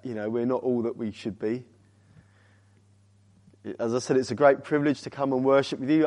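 A man preaching a sermon as a visiting speaker, urging the congregation with rhetorical questions and swinging from loud emphasis to quiet, weighty words. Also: on the high side.

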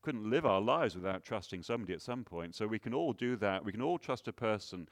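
A man preaching a sermon, earnest and full of rhetorical questions, often restarting phrases, rising louder on key points and dropping soft for emphasis. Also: lowish voice, lively intonation, fairly quick, no room sound.

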